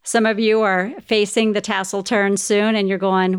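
Middle-aged mom podcaster, smooth clear voice, heartfelt storytelling, talks right to her listeners. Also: medium pitch, little pitch movement, normal speed. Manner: heartfelt, speaks directly to listeners. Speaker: podcast host. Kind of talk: personal storytelling.

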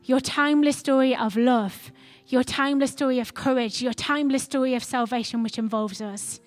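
A woman's voice: high voice, fairly even intonation, moderate pace. A woman pastor, preaching a sermon with earnest, repeated calls to her church. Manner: earnest, repetitive exhortation.

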